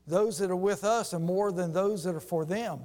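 Male preacher as a calm old prophet, steady and reassuring, hall echo. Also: sits high, normal speed, natural voice. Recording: long reverb of a large hall.

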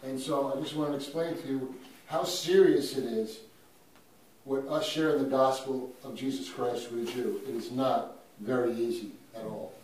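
A man's voice: mid-range voice, fairly even intonation, normal speed. Echoey far-off New man, emphatic. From Brooklyn, New York. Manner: emphatic, punchy, builds to loud peaks. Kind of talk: animated storytelling. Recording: very echoey room, mic far off, faint noise.

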